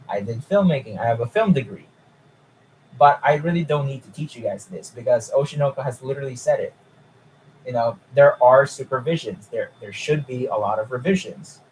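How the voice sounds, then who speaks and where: A young man chatting casually on a live stream, excitable and incredulous, swearing freely. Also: mid-range voice, normal speed, slight background noise, rough recording.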